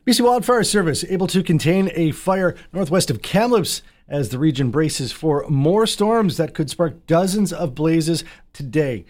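A man anchoring a local radio newscast from Canada, in a brisk, measured news delivery. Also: on the high side, animated, a little mellow.

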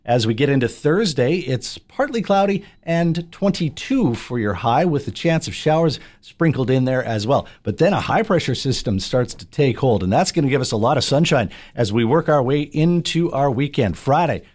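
A man reading local radio news and weather in a brisk, clipped headline style. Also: mid-range voice, animated, a little mellow. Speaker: newsreader.

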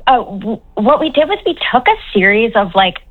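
A woman from Newfoundland with a Newfoundland accent, a dialect coach speaking by phone on a radio call-in show, chatty and quick to laugh. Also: a little high, big pitch swings. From Newfoundland, Canada. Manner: chatty, laughs often, restarts sentences. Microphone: telephone. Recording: tinny phone line.

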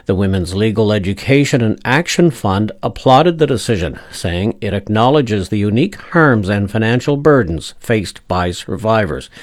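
A man reading a radio news bulletin and weather forecast in a measured, formal way from a radio studio. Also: on the low side, no room sound. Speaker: newsreader.

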